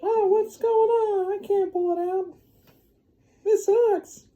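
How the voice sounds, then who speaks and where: A man voicing the lady of the lake as a high, whiny, indignant woman in a bedtime story. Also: fairly even intonation, slow, dark tone. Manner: squealing falsetto.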